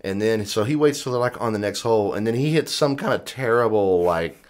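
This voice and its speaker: A man with a fairly low voice tells a long, rambling story in a relaxed podcast chat. He keeps slipping into quick voices for the people in it. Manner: rambling storyteller, acts out quotes. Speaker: podcast co-host. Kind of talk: casual chat.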